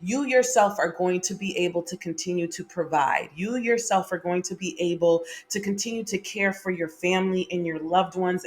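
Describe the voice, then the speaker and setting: A woman giving a monthly tarot reading, chatty and enthusiastic, with many fillers and repeated okays. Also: fairly low pitch. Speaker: tarot reader.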